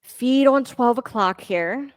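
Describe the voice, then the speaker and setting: A woman teaching a yoga class, giving steady counting cues and encouraging her students. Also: fairly high pitch, takes it slowly, no echo, clean studio sound. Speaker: yoga instructor. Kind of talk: leading a live yoga class.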